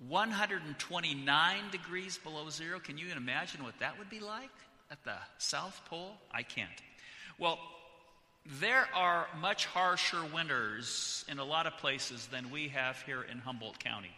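Here the middle-aged Californian pastor sounds sharp and a bit high-pitched, taking his time as he talks. He jokes and chats through the announcements with many restarts before starting the sermon, his voice echoing in the reverberant church sanctuary.

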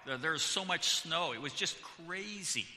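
A man's voice: a little high, expressive, moderate pace, pushed and bright. A middle-aged pastor from California, making chatty, joking announcements with many restarts before his sermon. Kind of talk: church announcements and sermon opening. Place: church sanctuary. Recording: church hall reverb.

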